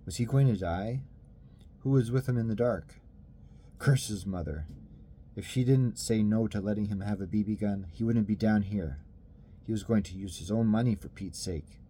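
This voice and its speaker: A man narrating a story aloud in a steady, measured reading. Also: sits low, a little hiss or hum.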